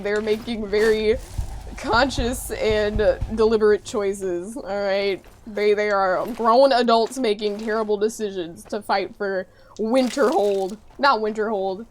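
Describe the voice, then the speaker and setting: A woman streamer chatting casually while playing a game, reacting loudly and reading chat messages aloud, with game music behind her. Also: medium pitch, a little slow. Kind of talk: casual live gameplay chat.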